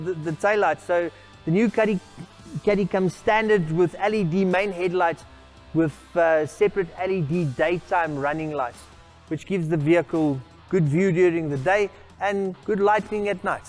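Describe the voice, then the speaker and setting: A male presenter gives a scripted product walkaround in a formal, salesy manner, addressing people by name. His voice is high-pitched at a moderate pace, with light background music behind him.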